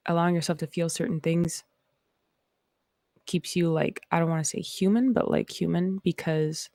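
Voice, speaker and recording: A woman's voice: fairly low pitch, fairly even intonation, normal speed, warm tone, no room sound, clean studio sound. A Canadian woman hosting a live stream, chatting casually with viewers in a rambling, reflective way before reading scripture aloud.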